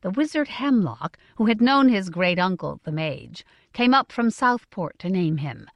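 A woman reads a fantasy novel aloud with smooth, expressive storytelling. Her pitch rises and falls in a lively way, and the recording is close and dry with no room sound. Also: measured pace, no room sound. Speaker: audiobook narrator. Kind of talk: scripted fantasy narration.

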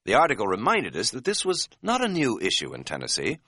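A man narrating an audiobook in a wry, deadpan way. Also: mid-range voice, a little fast, breathy edge, no room sound, clean studio sound.

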